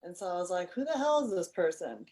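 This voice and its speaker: Woman, band member, interview guest, confident, relaxed, low pitch. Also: fast, poor audio. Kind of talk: casual interview over a video call.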